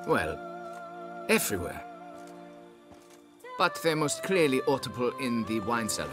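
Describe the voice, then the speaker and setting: Pompous nobleman, video game, lively swooping delivery, music underneath. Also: medium pitch, measured pace. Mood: haughty. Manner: pompous, demanding deference. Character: pompous haughty male nobleman, vineyard owner. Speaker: nobleman hiring a witcher.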